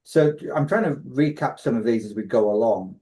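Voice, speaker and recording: A man's voice: mid-range voice, animated, normal speed, warm tone. A man hosting a coaching podcast, summing up advice point by point in a casual way with frequent restarts.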